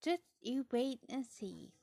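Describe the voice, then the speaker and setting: A woman reading aloud, voicing a gentle, patient mother pig who soothes and explains. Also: a little high, lively intonation, slow pace, creaky, no room sound, studio quality, pitched above the performer's own voice, heavily acted. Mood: reassuring. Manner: soothing and explaining, with a fond laugh.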